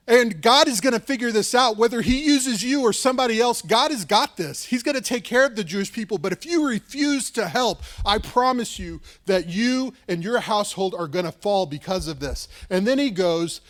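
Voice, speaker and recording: A male pastor with a high voice tells a story during his sermon. He talks casually and loosely, dropping "like" and "right?" often, and often leans on dramatic emphasis. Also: moderate pace, few pauses. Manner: casual, lively retelling with fillers like "like" and "right".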